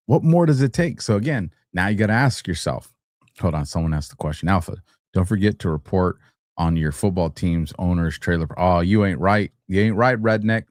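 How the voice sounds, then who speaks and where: A man's voice: low-pitched, normal speed, no echo, studio quality. A man hosting a livestream show, talking casually and animatedly, teasing his chat and laughing often. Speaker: host.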